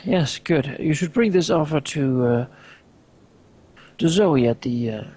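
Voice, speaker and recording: A man's voice: on the high side, animated, measured pace, dark tone, husky. A man voicing tired pragmatic Laurel. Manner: tired, dry, hesitant. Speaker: tabletop player.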